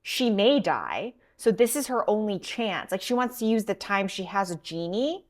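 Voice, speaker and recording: A podcast co-host with a medium-pitched voice recaps a drama episode at a moderate pace. She chats casually and tells the story in an animated way, performing the quoted lines herself.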